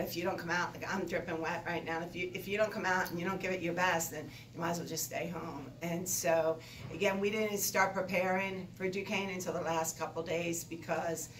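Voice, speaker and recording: An older woman, a basketball coach, talking in an animated, rambling way at a postgame press conference. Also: on the low side, a little hiss or hum. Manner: animated, talkative, rambling with restarts. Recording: echoey room, distant mic, faint ambience.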